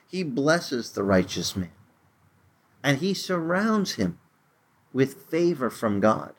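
A man teaching the Bible informally around a table, animated and conversational, with restarts and asides. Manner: animated, lively pitch swings, acts out voices in quotes. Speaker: preacher teaching a home Bible study.

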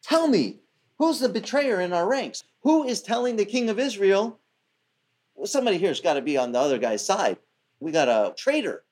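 A man's voice: fairly high pitch, very animated, fast, darkish tone. A man voicing an angry ancient king who demands to know who betrayed him. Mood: furious. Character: furious enemy king, male, demanding.

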